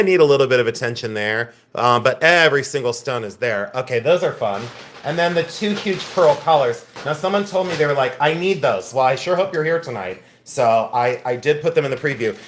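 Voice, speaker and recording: His mid-range, slightly bright voice carries the live-stream sales patter of a jewelry auction. He presents each lot with chatty, joking banter and a good dose of self-mockery.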